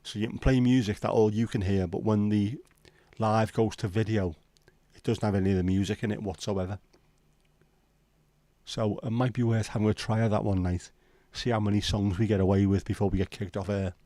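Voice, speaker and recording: A man's voice: lowish voice, fairly even intonation, a little fast, dark tone, dry recording. A man with a Liverpool accent hosting a casual livestream chat, rambling and sweary as he banters with viewers. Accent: Scouse. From Liverpool, England. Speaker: livestream host.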